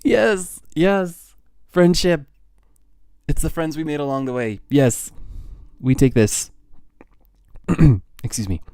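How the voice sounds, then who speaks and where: A young man giving live reaction commentary as a streamer. He is an excitable fan who gasps, laughs and trails off into restarts. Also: on the high side, takes it slowly, long pauses, clear, resonant tone, dry recording, studio quality. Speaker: streamer reacting to a manga chapter.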